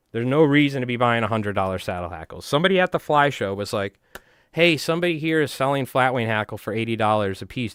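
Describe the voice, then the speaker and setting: A man, chatting in a rambling, animated way to his viewers while tying flies on a live stream. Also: mid-range voice, smooth, dry recording, studio quality. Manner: rambling, animated, talks to chat.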